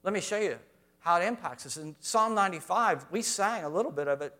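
A man preaching a sermon to a congregation, swinging between quiet asides and loud, emphatic lines. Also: sits high, animated, brisk. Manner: reads scripture aloud, addresses congregation directly. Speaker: pastor.

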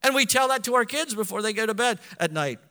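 Pastor, male, high and bright voice, lively sermon that swings from loud to hushed, in a hall with long reverb. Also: fast.

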